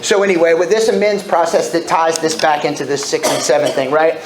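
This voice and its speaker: A man's voice: a little high, brisk, noisy background. A man in his forties, speaking at a recovery meeting and telling his story candidly, with self-deprecating humor. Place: meeting room. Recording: echoey room with faint ambience.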